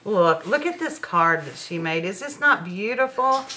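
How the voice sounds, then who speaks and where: A woman hosts a live crafting stream, chatting to her viewers as she goes. Her voice is bright and forward, at a middle pitch, with a faint hiss of noise behind her on a laptop mic. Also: expressive, normal speed. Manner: chatty, talks straight to viewers. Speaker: craft show host. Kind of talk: live craft tutorial chat.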